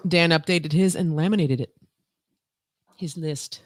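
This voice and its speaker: A woman's voice: low-pitched, no room sound. A woman co-hosting a podcast, chatting casually in a blunt, teasing manner that often tips into rants. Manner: blunt, teasing and quick to rant. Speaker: podcast co-host. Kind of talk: casual chat.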